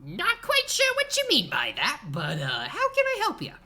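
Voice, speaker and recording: Guy doing a old half-blind shop keeper, high shaky voice. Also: wildly swooping pitch, normal speed, bright, forceful tone, heavily acted. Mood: puzzled. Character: old mostly blind male shopkeeper.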